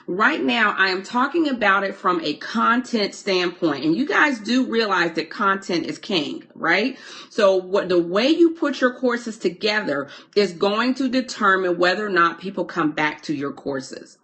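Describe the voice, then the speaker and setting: A woman with a medium-pitched, expressive and slightly bright voice coaches an online course on a live stream, speaking a little slowly. She is chatty, often repeats herself, and breaks off mid-sentence to greet and thank viewers as she reads their comments.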